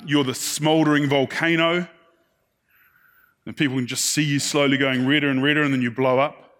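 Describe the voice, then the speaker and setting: A man's voice: medium pitch, fairly bright tone. A man preaching a sermon in a casual, conversational way, reading scripture and often checking in with his listeners. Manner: acts out the people he describes.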